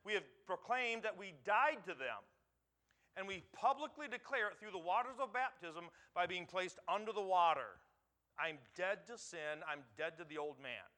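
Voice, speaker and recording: A pastor teaching a sermon, reading scripture aloud and pausing to quiz the congregation for answers. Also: male voice, high-pitched, expressive, sharp tone. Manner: quizzes the congregation with pauses for answers.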